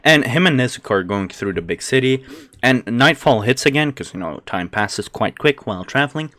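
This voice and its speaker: Animated and brisk, a man with a bright, forceful mid-range voice hosts and retells a story casually. He rambles with many fillers like "like" and "you know" and often laughs between lines, with no room sound.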